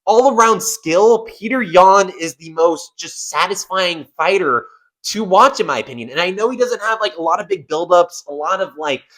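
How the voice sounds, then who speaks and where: A man's voice: high voice, lively intonation, moderate pace, fairly bright tone, low-quality recording. A man giving casual commentary as an MMA YouTuber, rambling and swearing a lot.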